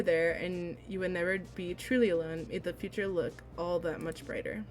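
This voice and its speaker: A woman streamer reading a visual novel aloud, excitable and giggly, with squealing reactions between read passages. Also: lowish voice, moderate pace, hardly any pauses, soft background music.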